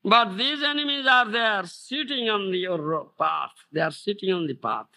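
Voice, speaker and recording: A middle-aged man with an Odia accent giving a devotional lecture, checking on his listeners and breaking into loud chanted verses. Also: sits high, normal speed. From India. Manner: animated, repeats "Do you understand?", breaks into loud chanted verses. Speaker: spiritual teacher giving a lecture. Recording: 1991 archival lecture tape.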